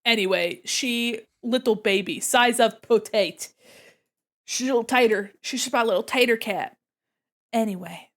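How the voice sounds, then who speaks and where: Young woman streamer gushing and giggling at her desk mic, a bit high voiced. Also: normal speed. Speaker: art streamer. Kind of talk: casual livestream chat.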